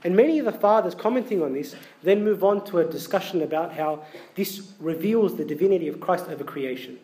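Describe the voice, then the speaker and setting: Male preacher, high voice, conversational sermon, asks the congregation questions. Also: fairly quick, warm tone. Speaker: priest.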